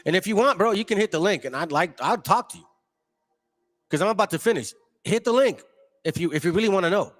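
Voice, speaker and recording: The voice is high, a bit bright, expressive and fast. It belongs to a man hosting a livestream who reads viewer comments and confronts them, trading insults and mocking them aggressively.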